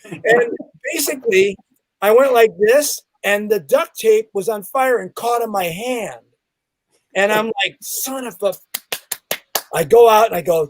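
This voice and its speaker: A man's voice: high-pitched, animated, measured pace, pauses often, no room sound. A man being interviewed as a podcast guest, telling a story with lots of animation and acting out the sounds and voices in it. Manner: acts out sounds and quoted voices.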